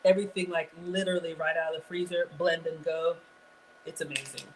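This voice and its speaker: A woman's voice: low voice, flat delivery, a little fast. Woman host, chatty live-stream cooking demo, slight background noise. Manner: chatty, talks straight to viewers.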